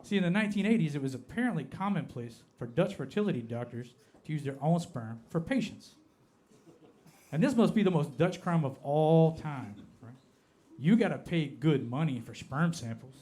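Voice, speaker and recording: Man, Appalachian American accent, stand-up comic, slightly high voice, deadpan, drawn-out punchlines, club stage mic. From Appalachia, United States. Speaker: stand-up comedian. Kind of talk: stand-up comedy set.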